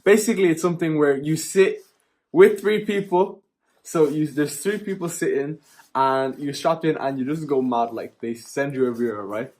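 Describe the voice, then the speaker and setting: Young man telling a story, animated. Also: a little high, normal speed. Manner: animated, laughing, tag questions like "yeah?" and "right?". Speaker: vlogger. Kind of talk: casual storytelling.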